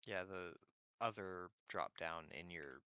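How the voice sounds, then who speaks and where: A game master talks through character sheets in a casual, offhand way, slipping in dry jokes. The voice is forceful and bright, but the mic is dull and lo-fi, with a dry, close sound. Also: sits low, slow pace, smooth, no echo. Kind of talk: casual chat.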